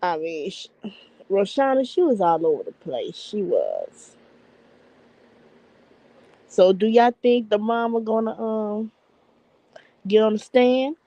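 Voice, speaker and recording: Slow-talking woman chatting to viewers. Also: medium pitch, no echo, low-quality recording. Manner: relaxed, greets viewers by name. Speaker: livestream co-host. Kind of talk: casual livestream chat.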